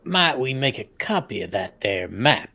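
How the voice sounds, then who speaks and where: A man's voice: mid-range voice, sing-song, normal speed, gravelly, pushed and bright, slightly rough. A man playing his character in a tabletop game, joking and hesitant. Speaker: player.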